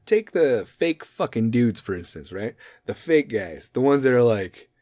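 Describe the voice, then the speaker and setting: A man hosting a podcast, ranting comedically in a profane, animated way. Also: mid-range voice, unhurried, dry recording, clean studio sound. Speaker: podcast host. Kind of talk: comedic rant.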